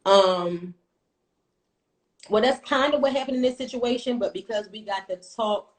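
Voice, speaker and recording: Blunt cussing woman in her 30s, chatting on a live stream, bit high voice, animated. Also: moderate pace, low-quality recording. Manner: blunt and profane, animated storytelling. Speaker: livestream host. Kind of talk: casual storytelling livestream.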